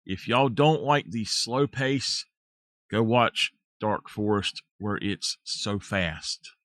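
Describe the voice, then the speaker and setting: Southern man drawling slowly on stream. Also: fairly low pitch, fairly bright tone, no room sound, clean studio sound. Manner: drawling, chatty, laughs at his own jokes. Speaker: game streamer. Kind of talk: casual live-stream chat.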